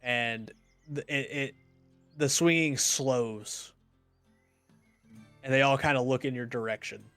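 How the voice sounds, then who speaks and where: A man narrating a tabletop game as game master in a plain, halting way, with frequent ums and restarts. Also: medium pitch, fairly bright tone, clear, resonant tone, no echo, soft background music. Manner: refuses to do character voices.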